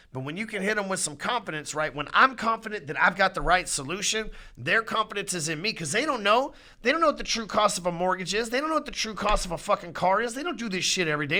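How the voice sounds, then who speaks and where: Brash, swearing man, bright voice. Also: on the high side. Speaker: podcast host. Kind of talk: profane motivational sales talk.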